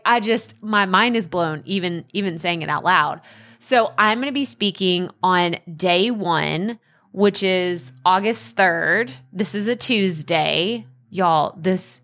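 A woman's voice: medium pitch, fairly bright tone. A young adult woman with an East Texas accent, hosting a casual solo podcast from her home, bubbly and chatty. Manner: bubbly and chatty, laughs often. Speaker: podcast host. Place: home room by a window.

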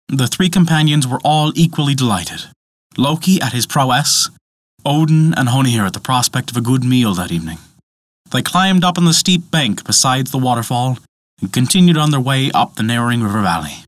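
A man narrating a myth as a storyteller, with expressive, dramatic delivery. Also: medium pitch, normal speed, no echo.

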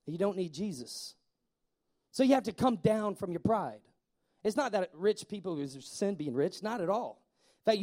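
Male pastor, high mellow voice, animated storytelling sermon.

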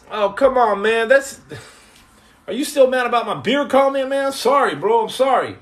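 A man's voice: sing-song, normal speed. Joking man chatting with his live viewers. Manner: joking, teasing, slangy, trails off into low mutters. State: on house arrest. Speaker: podcast host reading live chat. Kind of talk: casual live-stream chat.

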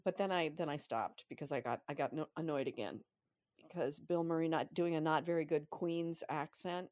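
A woman co-hosting a casual chat podcast, ranting in an animated way and laughing often. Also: low voice, moderate pace, dry recording, studio quality. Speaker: podcast co-host.

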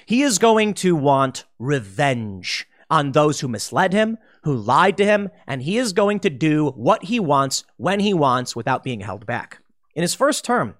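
Animated man, lively pitch. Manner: animated, slips into mocking voices for quoted people. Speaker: political commentator. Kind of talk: solo political commentary.

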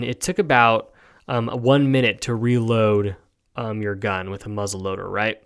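A man's voice: lowish voice, level tone, normal speed, clear, resonant tone. Rambling sarcastic man hosting a podcast. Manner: rambling, sarcastic, lots of ums. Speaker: podcast host. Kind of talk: casual solo podcast commentary.

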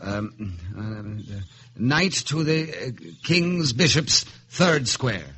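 A man's voice: medium pitch, animated, slow, fairly bright tone, husky, full character voice. An actor with an Irish accent playing a bumbling, hesitant dragoon captain in a 1950s radio drama, stammering as he talks.

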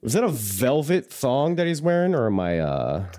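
A man's voice: mid-range voice, wildly swooping pitch, moderate pace, mellow. A man co-hosting a casual podcast, rambling through a wrestling recap, self-mocking and laughing easily. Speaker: podcast co-host.

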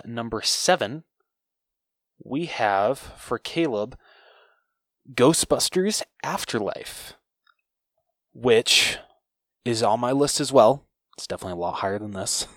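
A man's voice: on the low side, no echo, studio quality. A man hosting a podcast alone, chatting casually and enthusiastically about films, rambling and swearing freely. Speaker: podcast host. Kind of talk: casual movie review chat.

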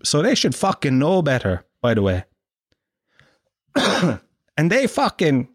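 A man's voice: mid-range voice, sing-song, moderate pace, dry recording, clean studio sound. Sweary Irish man, comic monologue. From Ireland. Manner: sweary, sarcastic, self-mocking. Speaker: podcast host.

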